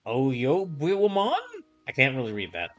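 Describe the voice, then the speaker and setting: A man's voice: medium pitch, big pitch swings, measured pace, a bit bright, muffled recording, faint music behind. Man musing over a game stream. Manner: musing aloud, self-correcting. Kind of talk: casual live game commentary.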